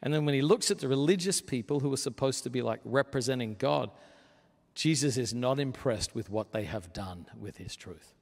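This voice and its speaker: A male pastor delivers a sermon in a church sanctuary. He talks earnestly and conversationally, then builds to forceful emphasis, with a gravelly texture at the low end of his voice. His words hang in the long reverb of a large hall. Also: expressive, normal speed.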